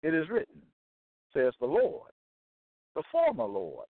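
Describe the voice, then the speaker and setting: A man's voice: a little high, huge pitch swings, unhurried, vocal fry, dry recording. A man hosting a religious broadcast, preaching on Bible passages in an emphatic, repetitive way and checking in with "okay?". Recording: tinny phone-line sound, dry.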